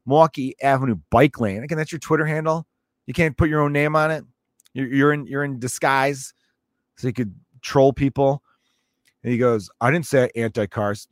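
A man's voice: medium pitch, steady tone, moderate pace, dry recording, clean studio sound. A man, a parent, ranting in a sarcastic, profane, exasperated way as a comedic host. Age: adult parent. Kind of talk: comedic rant.

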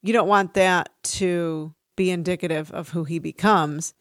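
A woman's voice: on the low side, steady tone, measured pace, no echo, clean studio sound. A woman co-hosting a podcast in casual chat, a supportive listener who agrees often. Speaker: podcast co-host.

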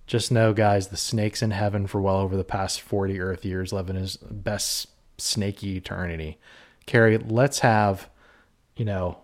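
A man co-hosting a casual horror movie review podcast, talking in a heated, ranting way with swearing and lots of fillers. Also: low voice. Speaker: podcast co-host.

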